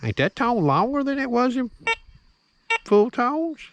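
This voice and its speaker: A plain-spoken man talks through a hands-on demonstration, his voice high and gravelly with lively swings in pitch. He keeps checking in with the listener. It is a noisy outdoor recording with birds and clicks behind him. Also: unhurried, lo-fi sound. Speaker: metal detecting hobbyist demonstrating a detector. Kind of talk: folksy hands-on tutorial.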